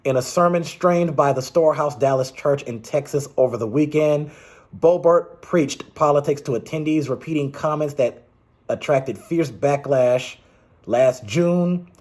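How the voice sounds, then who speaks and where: A man's voice: fairly high pitch, unhurried, a little mellow. A man giving casual, rambling political commentary, exasperated and restarting his sentences often.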